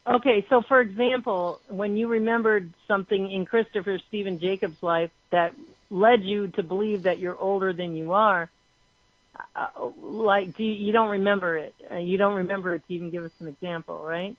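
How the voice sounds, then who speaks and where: A woman hosts a call-in chat over the phone, gasping into excited exclamations and rambling through her questions. The line is thin and tinny, with a dry, close sound and no room around her. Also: medium pitch, moderate pace, dry recording. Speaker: host of a call-in show.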